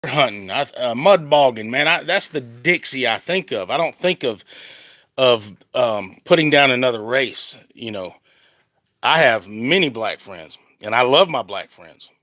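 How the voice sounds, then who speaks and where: A man's voice: medium pitch, animated, a little slow, sharp tone, no room sound. A man from the American South with a Southern accent, ranting casually on a phone livestream outdoors, rambling and restarting as he gets worked up. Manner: rambling, heated, restarts often. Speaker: country singer on a livestream. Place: outdoors in the heat. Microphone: phone at arm's length.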